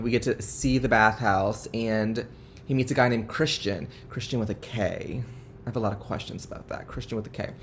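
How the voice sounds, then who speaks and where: A man talking casually in a reading vlog, chatty and expressive, swearing freely. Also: on the low side, a little hiss or hum. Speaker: book vlogger.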